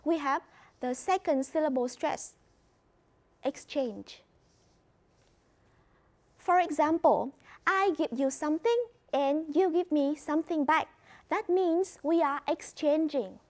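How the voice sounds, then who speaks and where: A woman with a Vietnamese accent leads an English reading lesson, her voice sitting high. She explains words clearly and instructively, prompting students and checking answers step by step. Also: measured pace, darkish tone. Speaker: English teacher. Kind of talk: classroom lesson.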